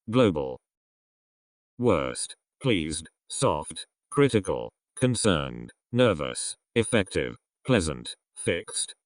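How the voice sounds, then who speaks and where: A man slowly reading an English vocabulary list, one word at a time with pauses. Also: sits low, no echo, clean studio sound. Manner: slow, isolated words with pauses. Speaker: vocabulary reader.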